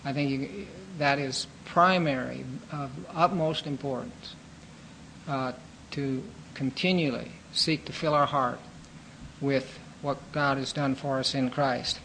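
A man preaching a sermon in an earnest, measured teaching manner, pausing with fillers and restarting phrases. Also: medium pitch, steady tone, creaky, a bit bright, a little hiss or hum, low-quality recording.

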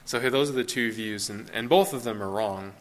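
A pastor preaching an informal sermon, talking casually with frequent restarts and short laughing asides. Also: male voice, medium pitch, fairly quick. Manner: conversational, self-interrupting, laughing asides.

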